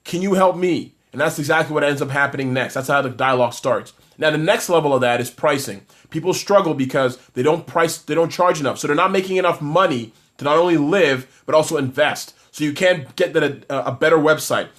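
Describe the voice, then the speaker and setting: A man's voice: a little high, brisk, hardly any pauses, a bit bright. A man from Toronto, a business coach doing a live stream, talking energetically and reading out viewer comments, with many restarts. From Toronto, Canada.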